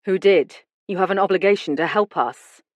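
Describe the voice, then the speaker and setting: A woman voicing a male police detective who questions a suspect in a measured, insistent way. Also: fairly low pitch, dry recording, dull audio, lightly acted. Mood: firm.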